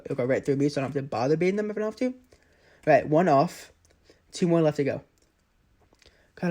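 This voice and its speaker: Man, gameplay commentary, exasperated play-by-play, slightly high voice. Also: mellow. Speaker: gaming channel host.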